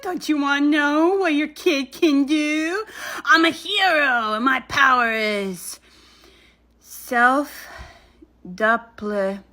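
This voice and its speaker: A woman's voice: high-pitched, pushed and bright, exaggerated voice. A woman voicing a blunt, bossy six-year-old child in a comedy sketch. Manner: bossy, blunt, self-important. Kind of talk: comedy sketch character monologue.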